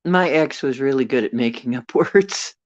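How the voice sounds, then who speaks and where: A livestream host with a very deep voice chats casually from her bedroom, rambling as she reads viewer comments at normal speed. The phone mic gives dull, lo-fi audio with no room sound.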